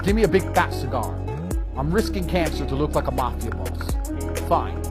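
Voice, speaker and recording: A man's voice: fairly high pitch, animated, normal speed, over loud music. A man ranting in a brash, combative and mocking way, with a lot of swearing. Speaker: media personality. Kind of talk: brash profane rant.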